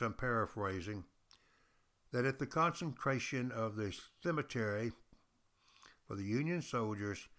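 A man's voice: mid-range voice, a bit bright. A man from Texas, giving a podcast history lecture as a teacher who tells stories emphatically and repeats key phrases.

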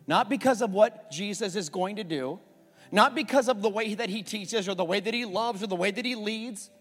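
A man in his forties preaching a sermon as a pastor, telling a candid family story, rising when worked up and going soft when reflective. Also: sits high, animated, normal speed. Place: church sanctuary. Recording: church hall with long reverb and faint music.

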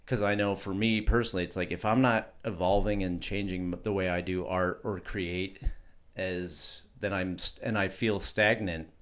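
A man with a fairly low voice talks through ideas on a relaxed podcast about art. He wanders, backtracks and restarts his sentences while thinking out loud. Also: moderate pace. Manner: rambling, self-interrupting, with many restarts. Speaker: podcast co-host. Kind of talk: casual chat.

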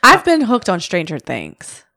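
A woman in a casual podcast chat, reacting quickly and giving her own take. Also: lowish voice. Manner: quick backchannels, lively reactions.

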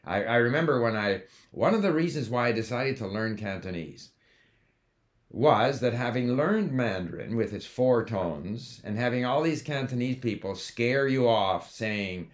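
A man's voice: medium pitch, lively intonation, normal speed. An older man from Canada talking casually about learning languages, wandering off on digressions and stopping to correct himself. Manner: conversational, digressive, with fillers and self-corrections. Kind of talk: casual monologue.

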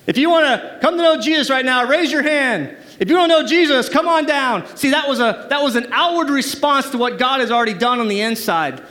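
A man's voice: very high-pitched, pushed and bright. A man preaching a sermon to his church, emphatic, calling out to the congregation for responses. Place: church service.

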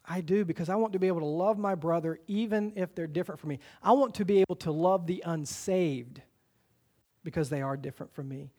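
Pastor preaching with a high voice. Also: male voice, darkish tone. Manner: emphatic preacher, slows for quoted scripture, speeds up for exhortations. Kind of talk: sermon.

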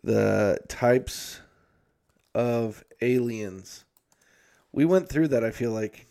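This podcast host, a young adult man, speaks very slowly in a mellow mid-range voice with vocal fry. His casual chat wanders and is full of profanity, fillers, and self-corrections.

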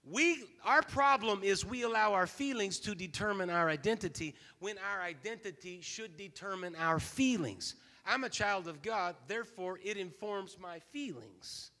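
A man in his fifties preaching a sermon as a pastor, telling a story and then building to loud, emphatic preaching. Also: high voice, expressive, normal speed. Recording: long reverb of a large hall.

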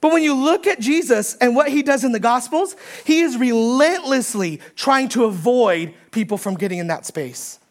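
A woman's voice: on the high side, animated, normal speed, hardly any pauses. A woman preaching a sermon, emphatic, repeating key phrases and rising in force when she quotes. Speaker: pastor.

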